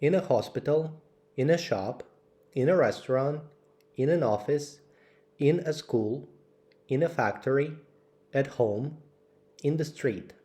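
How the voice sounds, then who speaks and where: A man slowly reading out English vocabulary lists for learners, word by word with clear pauses. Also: mid-range voice, warm tone. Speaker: English teacher. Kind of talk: slow vocabulary drill.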